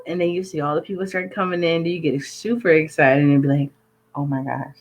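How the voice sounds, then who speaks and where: A woman co-hosting a web talk show, telling animated stories with playful sound effects and frequent laughs. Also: lowish voice, moderate pace, dull audio. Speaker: co-host and virtual event host. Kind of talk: casual chat.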